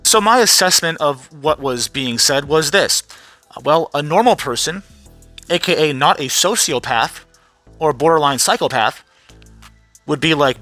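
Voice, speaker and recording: A man rants bluntly and sarcastically into the camera, with lots of swearing. His voice is bright and sits fairly high, with faint music underneath. He sounds worn out. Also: animated, unhurried. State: tired. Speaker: vlogger. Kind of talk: casual profane rant.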